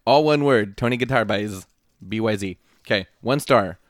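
A man co-hosting a podcast, reading out product reviews in a deadpan way. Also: fairly low pitch, normal speed, dry recording. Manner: deadpan reading, mock-dramatic when quoting. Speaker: podcast co-host.

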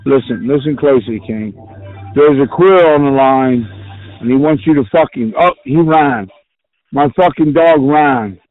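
A man on a phone line, loud and gruff, shouting for his dog. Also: medium pitch, unhurried, soft background music. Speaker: caller.

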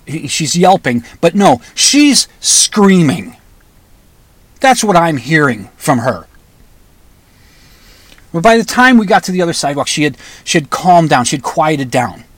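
A man's voice: on the high side, dry recording. Man telling a personal story, dry sound. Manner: conversational, restarts, flares into loud angry outbursts.

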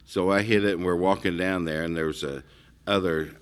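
A middle-aged man with a very deep, low voice tells stories in an easygoing, rambling chat. He restarts his sentences often and wanders from one detail to the next. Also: fairly even intonation, a little fast, clear, resonant tone. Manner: rambling, storytelling, frequent restarts. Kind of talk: casual conversation.

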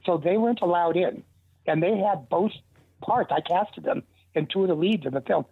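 This older man speaks at a moderate pace in a high, slightly rough voice with vocal fry. As an interview guest he spins long, wandering stories full of restarts, all over a tinny, dry phone line.

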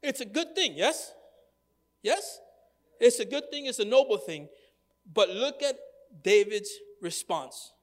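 A man's voice: very high voice, animated, measured pace, pauses often, long reverb tail. A man preaching a sermon in a conversational way, asking the congregation questions and reading from scripture. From United States. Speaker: pastor.

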